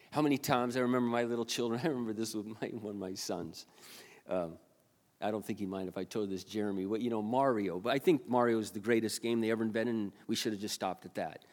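A man's voice: lowish voice, quick pace. A man in his sixties, a pastor, telling a personal story in a rambling sermon with many restarts. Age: 60s. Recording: long hall reverb.

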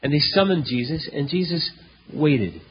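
A male pastor preaching a sermon, telling a story dramatically, with loud emphatic peaks and hushed low passages. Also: expressive, normal speed, breathy edge. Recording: dull lo-fi recording in a reverberant hall.

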